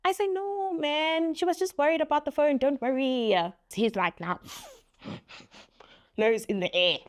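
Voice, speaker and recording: A young woman telling a story on her vlog in a lively, laughing way, acting out what people said. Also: sits high, unhurried. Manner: animated, laughing, acts out quotes. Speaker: vlogger. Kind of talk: casual story time.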